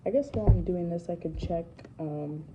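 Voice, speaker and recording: Young woman, casual chatty vlogger, slangy, soft muttered asides, phone camera, noisy workplace background. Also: fairly low pitch, moderate pace, muffled recording. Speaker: vlogger at work. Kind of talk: casual vlog chat. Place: indoor workplace at opening time.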